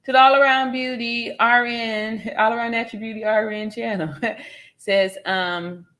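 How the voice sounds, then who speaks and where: A woman's voice: a little high, steady tone, moderate pace, fairly bright tone. A woman nurse from California hosting a casual livestream, reading viewer comments aloud and laughing often. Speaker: livestream host reading chat.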